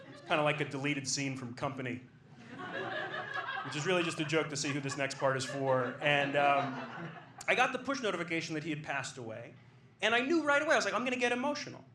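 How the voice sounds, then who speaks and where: A young man doing storytelling stand-up on a comedy club stage, excitable and animated as he acts out what people said. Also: a little high, noisy background. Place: small comedy club stage with live audience. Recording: roomy club sound with faint ambience.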